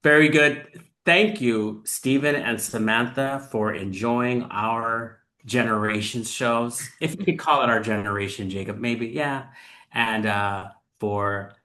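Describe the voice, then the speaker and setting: A man hosting a podcast, talking in a thoughtful, earnest way with many pauses and fillers. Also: medium pitch, sharp tone. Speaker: podcast host. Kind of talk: casual chat.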